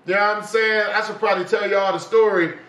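A young man commenting on a horror game he is playing, brash and full of slang, often breaking into yelling. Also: sits high, fairly even intonation, fast talker, echoey room, recorded from a distance, poor audio. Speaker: gaming YouTuber.

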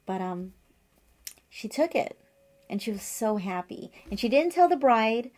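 Speaking unhurriedly in a slightly high, somewhat mellow voice with lively intonation, a forty-something acupuncturist addresses the camera from her office. She offers casual advice through a chatty, digressive personal story packed with fillers and asides.

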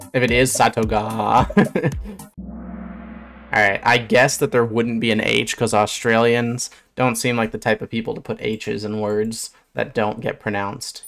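A man's voice: medium pitch, a bit bright. A man, a fish biologist streamer, giving casual reaction commentary, blunt and swearing, bursting into surprised questions.

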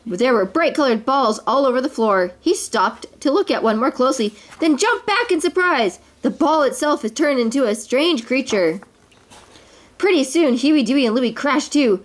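A woman reading a children's story aloud to her kids in an expressive way. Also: sits high, normal speed.

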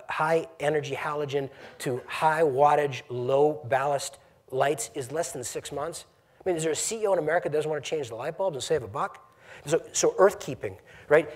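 This middle-aged CEO, with a fairly high-pitched voice and a darkish tone, speaks to a college audience in a lecture hall. He's emphatic and conversational, often asking questions of the room.

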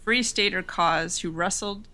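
A woman's voice: lowish voice, sharp tone. A woman co-hosting a podcast, reacting wryly and reading looked-up facts aloud. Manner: reads search results aloud, quick wry reactions. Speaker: podcast co-host. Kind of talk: casual podcast chat.

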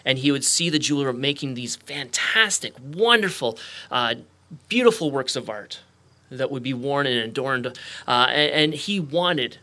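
A pastor preaching a sermon in church, telling a made-up parable and acting out the voices of its characters. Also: male voice, medium pitch, expressive, normal speed, pushed and bright. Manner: storytelling preacher, acts out quoted voices. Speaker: guest pastor. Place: church sanctuary.

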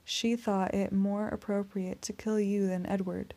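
A woman voicing a suave male vampire in an audiobook, speaking in a soft, courteous, menacing purr. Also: medium pitch, level tone, measured pace, natural voice. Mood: silky menace. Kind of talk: audiobook character reading.

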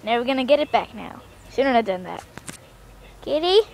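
A woman's voice: on the high side, animated, normal speed, creaky, a little mellow, slight background noise. A young woman filming her cat outdoors, coaxing it in baby talk and laughing. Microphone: handheld camera.

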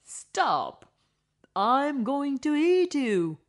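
A woman's voice: high-pitched, big pitch swings, drawn-out words, heavily acted. A woman voicing a starving male tiger who growls and gives orders. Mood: menacing. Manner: growling, commanding.

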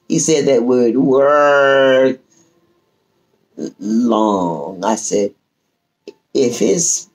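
A woman's voice: a bass voice, low-quality recording. Older woman telling family stories. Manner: lively, drawn-out, acts out quoted relatives. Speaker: storyteller guest. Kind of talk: casual family storytelling.

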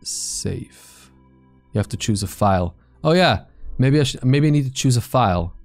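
A man's voice: mid-range voice, lively intonation, normal speed, no room sound, soft background music. A man streaming live and chatting casually with his viewers, blunt and full of swearing as he rambles.

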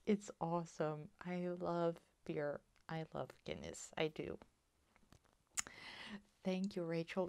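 A woman who grew up in Sweden, a native Swedish speaker, chatting slowly and softly in English while she opens a parcel for her crafting vlog. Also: on the low side, creaky. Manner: slow, soft-spoken, delighted. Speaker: crafting vlogger. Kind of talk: casual chat, opening a parcel.

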